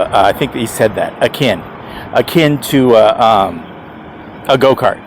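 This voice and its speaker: A man's voice: medium pitch, very animated, very slow, long pauses, slight background noise. A man over fifty rambling casually to camera, chuckling often and restarting his sentences with emphatic repeats. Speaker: e-bike rider vlogger.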